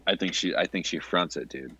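A man's voice: deep voice, fairly quick, sharp tone, dry recording, dull audio. A young man in casual banter, telling a rambling story with hesitations and fillers.

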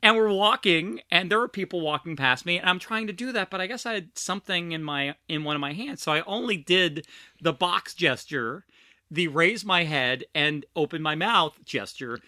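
A woman's voice: fairly low pitch, animated, moderate pace, pushed and bright, no room sound. A trans woman hosting a podcast in casual, scatterbrained, self-mocking chat. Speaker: podcast host.

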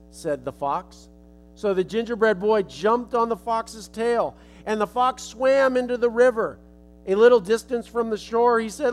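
A man's voice: high-pitched, moderate pace, soft background music. A male preacher telling a children's story as a sermon illustration in a casual, folksy way.

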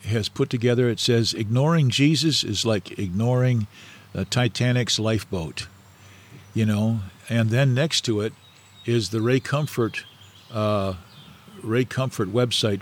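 A man's voice: medium pitch, a little slow, a little hiss or hum. A middle-aged man, a guest in an interview, telling stories in a rambling, anecdotal way with many fillers and restarts. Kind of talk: casual storytelling interview.

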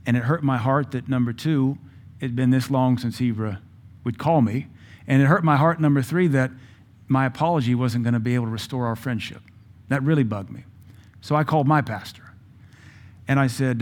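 A man's voice: mid-range voice, fairly quick, darkish tone. A man preaching a sermon, telling a personal story in a conversational way and quoting scripture in old English. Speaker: pastor.

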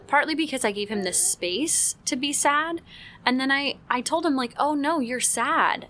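A mother telling a parenting story in a casual teaching talk, animated, with frequent "like" and quick acted-out quotes. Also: high voice, a little hiss or hum.

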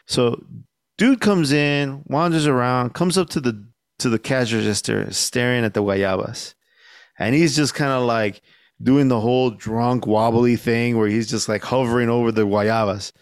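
A young man on a podcast telling a story in casual chat, laid-back and swearing a lot, acting out the shouted lines he quotes. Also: mid-range voice, normal speed, clean tone, dry recording, studio quality. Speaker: podcast co-host.

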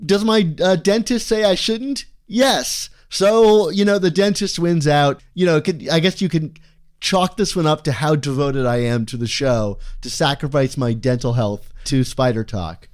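Playful podcast co-host, higher voice. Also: male voice, unhurried. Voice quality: slightly heavy on the S sounds. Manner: playful, wordy, self-deprecating. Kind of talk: casual podcast chat.

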